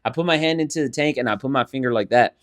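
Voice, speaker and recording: Young man telling stories, foul-mouthed and animated. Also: mid-range voice, fast talker. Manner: animated storyteller, swears a lot, acts out scenes. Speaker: podcast co-host. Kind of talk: casual podcast chat. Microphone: handheld mic.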